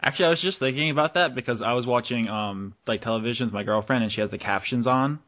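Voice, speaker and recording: A man's voice: mid-range voice, fast, dull audio. A man co-hosting a podcast in casual chat, teasing the others and laughing often. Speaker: podcast co-host.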